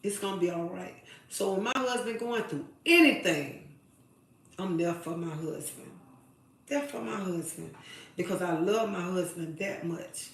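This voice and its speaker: In an impassioned live-stream monologue, a woman gives women preachy advice, driving points home through repetition. Her voice is fairly low, gravelly, animated and unhurried, captured from afar in a very echoey room.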